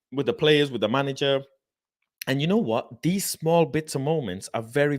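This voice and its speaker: A man talks over a clip he is reacting to, sliding from calm explanation into loud, repetitive rants. He hammers the same short phrase again and again when something annoys him. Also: medium pitch. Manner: rants and repeats phrases loudly. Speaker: fan channel host reacting to an interview. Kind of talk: animated casual commentary.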